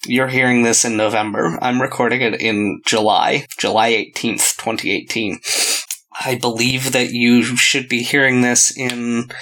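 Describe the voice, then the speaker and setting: A man's voice: mid-range voice, a bit bright. A man hosting a podcast, talking in a wry, meandering way and poking fun at himself. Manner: self-deprecating, meandering, wry; mock-dramatic intro narration. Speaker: podcast host. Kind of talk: rambling podcast chat.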